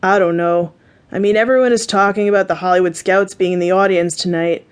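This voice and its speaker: A woman's voice: lowish voice, steady tone, fairly quick, natural voice. A woman voicing a cocky young actor husband in an audiobook, easygoing and dismissive of worry. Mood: hopeful.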